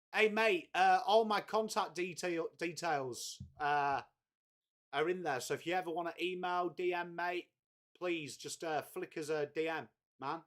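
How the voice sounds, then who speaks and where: A man's voice: a little high, a bit bright. A man from England, hosting a casual live watchalong stream, chatting, swearing freely and greeting viewers by name.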